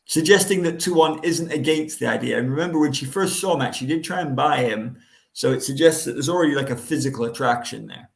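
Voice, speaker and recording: A man's voice: a little high, brisk, creaky. Confident man explaining, in an echoey room. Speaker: podcast co-host. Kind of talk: casual chat explaining a book.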